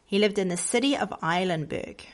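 A woman giving a Christian devotional lesson and reading a story aloud in an earnest, slow manner. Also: mid-range voice. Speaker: Christian children's teacher.

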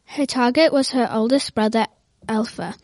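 Woman, storybook reading, hesitant with restarts, highish voice, dry sound. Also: moderate pace, a little mellow, no echo.

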